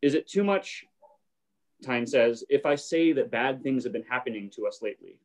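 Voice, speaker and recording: A man's voice: medium pitch, animated, moderate pace. A man hosting a casual chat and retelling a show scene, briefly acting out the characters' lines. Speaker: podcast host.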